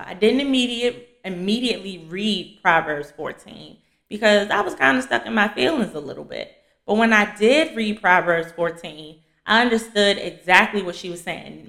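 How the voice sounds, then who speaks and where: A woman's voice: mid-range voice, a bit bright. A young woman, hosting a faith podcast for women and teaching casually, blunt and chatty, calling her listeners "y'all.". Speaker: podcast host and fiancée coach. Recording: echoey room.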